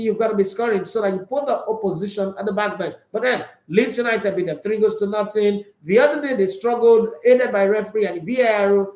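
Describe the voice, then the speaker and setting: A man hosting an opinionated football show, talking in an animated, emphatic way full of rhetorical questions. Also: high-pitched. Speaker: sports show host. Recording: roomy echo.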